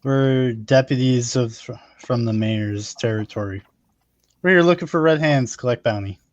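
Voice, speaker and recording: A man's voice: mid-range voice, normal speed, no room sound, highs cut off. A man playing a tabletop game, laid-back and joking. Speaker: player. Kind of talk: casual tabletop play.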